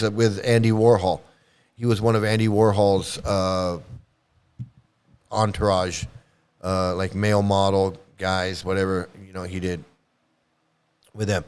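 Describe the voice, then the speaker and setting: A man's voice: lowish voice, smooth. A man giving a rambling, blunt commentary in casual monologue, swearing freely and restarting his sentences often. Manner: rambling, blunt, profane, many restarts and fillers. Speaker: ex-cult commentator.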